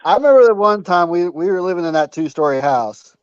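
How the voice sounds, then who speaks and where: A man's voice: high voice, expressive, clean tone, dry recording. A man chatting casually with friends, laid-back and swearing. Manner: slow, laid-back, profane. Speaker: friend in the chat. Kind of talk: casual chat. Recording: dull lo-fi dry sound.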